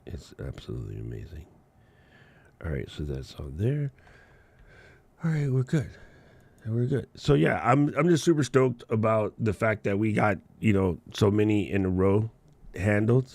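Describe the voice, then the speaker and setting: A man hosting a live podcast, telling stories in a slangy, animated way and laughing often. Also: lowish voice, moderate pace, gravelly. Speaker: podcast host. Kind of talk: casual live-stream storytelling.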